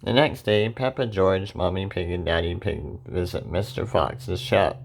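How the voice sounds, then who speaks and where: A man reading a children's picture book aloud in a slow, clear storytelling way. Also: low voice. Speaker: reader.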